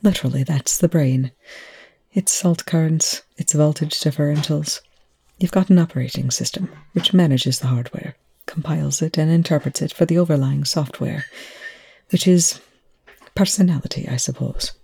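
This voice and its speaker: Reader doing a broken-down scientist guy, quiet, halting, kinda gravelly and husky. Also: fairly high pitch, no room sound. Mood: dull. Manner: quiet, halting, near tears. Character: despairing brilliant male scientist.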